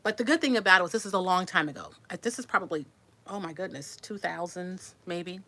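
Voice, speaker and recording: Bright-voiced chatty woman in her sixties. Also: lowish voice, fast talker. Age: 60s. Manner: chatty, repeats and restarts words, answers comments. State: resting after surgery. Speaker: vlogger. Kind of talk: casual storytelling to viewers.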